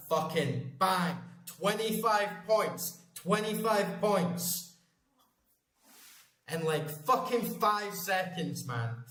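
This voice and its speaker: A man in his forties, a gaming channel host, chatting casually in a rambling, emphatic way and swearing constantly. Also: a little high. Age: 40s. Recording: echoey room.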